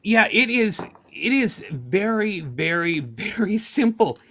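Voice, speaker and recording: A man's voice: sits high, takes it slowly. A middle-aged man from the United States telling everyday stories in a casual interview, acting out both sides of small conversations in changing voices. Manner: animated, acts out little scenes of talk in shifting voices. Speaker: guest speaker.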